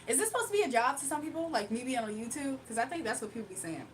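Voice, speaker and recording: A young woman from Virginia in the United States hosts a livestream, reading chat comments aloud with a playful, sassy edge and laughing often. Her voice sits a little high, swings widely in pitch, and moves very fast. There's slight background noise.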